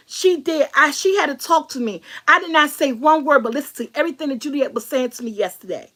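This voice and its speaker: A woman's voice: high voice, brisk, hardly any pauses. A middle-aged woman vlogger, giving an emphatic, preachy motivational talk and repeating her key lines.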